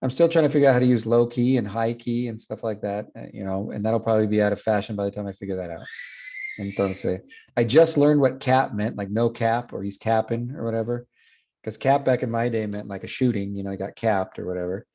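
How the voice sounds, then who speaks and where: Mellow-voiced male teacher, code-switching. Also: lowish voice, fairly quick, muffled recording. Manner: switches between Spanish and English, frequent restarts. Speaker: university Spanish instructor. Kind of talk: classroom lecture.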